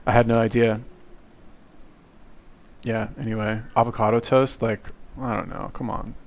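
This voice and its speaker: A man's voice: medium pitch, steady tone, brisk. A young man giving rambling, profane reaction commentary from his cluttered bedroom into a webcam, full of fillers and self-mockery. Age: young adult. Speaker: video commentator.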